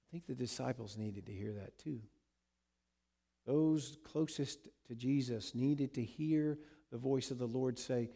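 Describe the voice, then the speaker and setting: A man preaching a sermon who swings between loud emphasis and hushed, repeated words. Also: medium pitch, fairly even intonation, normal speed, creaky. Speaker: pastor.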